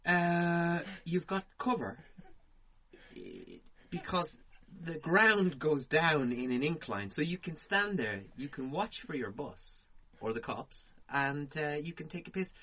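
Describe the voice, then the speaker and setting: A man co-hosts a podcast, spinning crude, animated anecdotes in loose conversation. His voice sits a little high and sounds bright and forward, and he swears freely while laughing through his tales. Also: takes it slowly. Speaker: podcast co-host. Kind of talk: casual storytelling chat.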